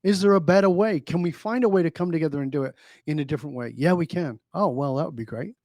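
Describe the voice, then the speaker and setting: A man's voice: a little high, fast talker, a little mellow, no room sound, studio quality. A man being interviewed as a leadership speaker, talking emphatically, telling stories and asking rhetorical questions. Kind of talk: conversational interview.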